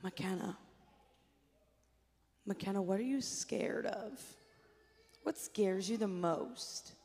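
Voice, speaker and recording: A woman leads a children's chapel talk in a school chapel or church hall, calling on kids by name and coaxing them to repeat lines back to her. She speaks slowly in a medium-pitched, darkish voice, with hall reverb on the recording.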